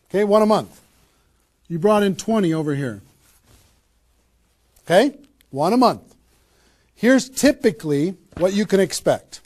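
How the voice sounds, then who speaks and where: A man giving a motivational network marketing seminar to a small audience, energetic and emphatic, with many rhetorical questions. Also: high voice.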